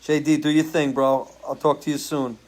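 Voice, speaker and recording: A man's voice: on the high side, level tone, moderate pace, poor audio. A man in casual chat reads out viewers' comments and answers them one by one. He talks loosely and easily, like a regular host, with an odd swear word thrown in. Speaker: singer hosting a live stream.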